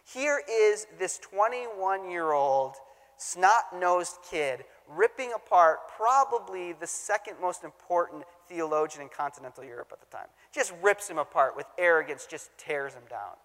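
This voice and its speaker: Guy giving a storytelling talk, kinda high voice, big echoey hall. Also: a little slow. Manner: animated storyteller, acts out quotes. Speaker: speaker, former youth pastor. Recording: long hall reverb.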